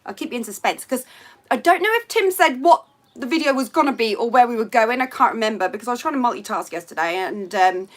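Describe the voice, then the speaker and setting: A woman's voice: a little high, a bit bright. A woman hosting a casual live stream from home by a window, chatting to viewers in a rambling way and reading out their comments.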